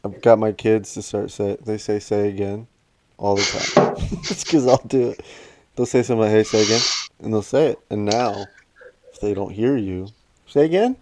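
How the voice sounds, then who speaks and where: A man in his thirties co-hosts a casual podcast, laid-back, swearing freely and laughing often as he chats. His voice is on the low side with fairly even intonation at normal speed, and there's noticeable background noise.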